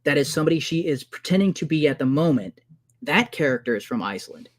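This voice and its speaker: A man in a heated online debate, talking fast over the other man with exasperated outbursts and insults. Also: a little high, very animated. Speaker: debater defending the trailer.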